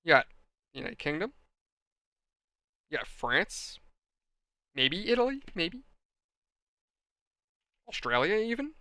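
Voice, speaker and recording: This is a man hosting a hobby video, telling an animated anecdote with plenty of exasperation. His voice sits a little high and sounds bright and smooth. The recording is close and dry. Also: slow, pauses often, no echo. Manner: animated, exasperated storyteller, addresses viewers. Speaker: hobby channel host. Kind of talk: rambling anecdote while model building.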